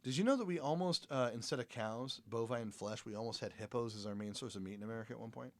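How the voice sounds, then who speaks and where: Man, podcast host, mid pitch, halting reading, self-corrections, casual chat.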